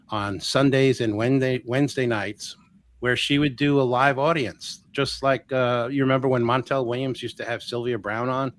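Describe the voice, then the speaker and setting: Animated man telling a story. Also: mid-range voice, dry recording. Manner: animated, acts out quoted voices, many ums and restarts. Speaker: guest healer. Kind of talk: storytelling in a live interview.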